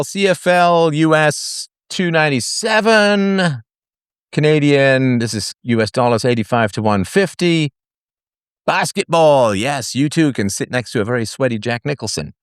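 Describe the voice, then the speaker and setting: A male host talks through a solo live broadcast, his pitch leaping widely from phrase to phrase. He reads off numbers and drops sarcastic, mocking jokes as he goes. The sound is dry and close, with no room behind it. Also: lively intonation, normal speed, smooth, no room sound. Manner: jokey asides between figures read out. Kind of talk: solo livestream monologue.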